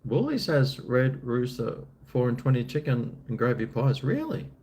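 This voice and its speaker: A man's voice: mid-range voice, moderate pace, darkish tone, a little hiss or hum. An Australian man chatting casually on a live stream, answering chat in a laid-back, rambling, jokey way.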